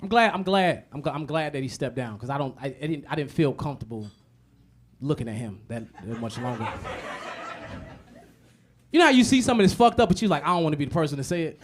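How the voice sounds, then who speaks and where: A man performing a stand-up comedy set. His delivery is animated and profane, and he swings between muttered asides and loud punchlines. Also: fairly high pitch, a little fast, pauses often, slight background noise. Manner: animated, profane storytelling with many repetitions.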